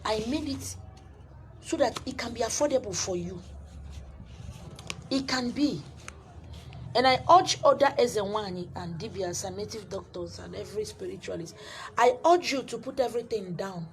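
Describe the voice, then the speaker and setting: A Nigerian woman, a spiritual teacher, preaching to camera and selling her handouts, emphatic, repeating phrases, swinging from loud to hushed. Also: mid-range voice, expressive, moderate pace, long pauses, slight background noise.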